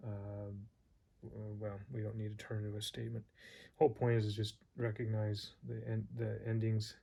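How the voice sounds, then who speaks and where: Low, flat-voiced man teaching casually. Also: moderate pace, creaky. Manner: rambling, hesitant, many fillers and restarts. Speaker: Greek teacher. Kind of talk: casual spoken lesson.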